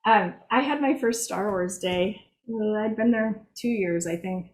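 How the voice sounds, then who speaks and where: A woman speaks casually to a hobby club about the museum she runs. Her talk is chatty and self-mocking, and she laughs often. Her voice sits at an ordinary middle pitch. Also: unhurried, darkish tone, rough recording. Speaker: museum executive director.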